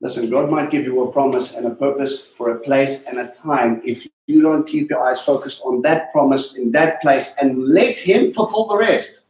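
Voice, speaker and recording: A man preaching a sermon in an animated way, swinging between loud and hushed, and speaking directly to the people in the room. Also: mid-range voice, normal speed, hardly any pauses. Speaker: teacher. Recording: echoey room.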